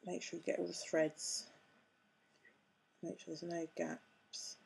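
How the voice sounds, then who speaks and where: A woman's voice: lowish voice, level tone, takes it slowly, creaky, a little mellow, breathy edge. Chatty woman demonstrating a craft. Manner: chatty, self-mocking, talks while working with hands. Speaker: craft tutorial host.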